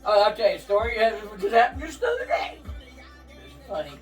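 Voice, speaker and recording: A man's voice: very high voice, wildly swooping pitch, fast talker. A man telling rowdy stories in casual talk, swearing freely and laughing through them. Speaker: interviewee. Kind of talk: casual storytelling. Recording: distant mic with faint music.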